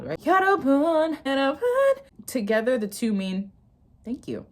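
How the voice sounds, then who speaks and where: Learning Korean on camera, a young American vlogger in her twenties reads a lesson aloud and chats casually, laughing a lot and cursing without restraint. Her voice is low-pitched.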